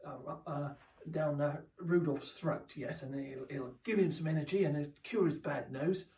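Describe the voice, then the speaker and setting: A man's voice: on the high side, dark tone. Rambling man in a roomy room. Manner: rambling, halting, full of restarts and asides. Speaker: comic character host. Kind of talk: rambling deadpan comedy monologue. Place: chilly indoor room. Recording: roomy echo, mic at a distance.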